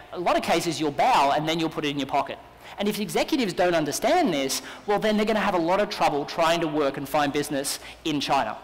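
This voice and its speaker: A man with an Australian accent giving an energetic, persuasive keynote talk at a business conference. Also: high voice. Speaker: business speaker. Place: large conference hall. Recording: long hall reverb.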